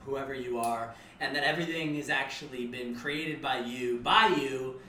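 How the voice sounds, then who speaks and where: A man's voice: medium pitch, normal speed, pushed and bright, slight background noise. Young man explaining in a roomy room. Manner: explains ideas at length with many restarts. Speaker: podcast co-host. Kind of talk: casual chat. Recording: roomy, distant mic.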